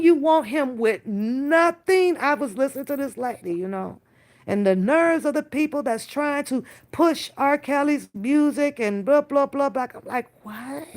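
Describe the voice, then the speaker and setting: A woman hosting a reaction channel, chatting casually with her live viewers, swearing freely and talking in slang. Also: on the high side. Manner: animated, swearing, slangy, talks to chat directly. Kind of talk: casual live-stream chat.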